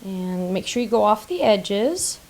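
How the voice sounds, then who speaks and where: A woman's voice: mid-range voice, sing-song, unhurried, a little mellow, a little hiss or hum, poor audio. A woman hosting a casual card-making tutorial, chatty and playful, making silly sound effects and joking about herself. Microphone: top-down camera setup.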